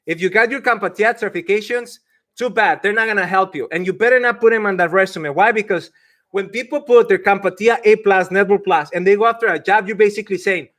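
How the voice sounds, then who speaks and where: A man's voice: high voice, fairly quick, fairly bright tone. A man coaching people on IT careers during a live stream, emphatic, often laughing and acting out mock quotes.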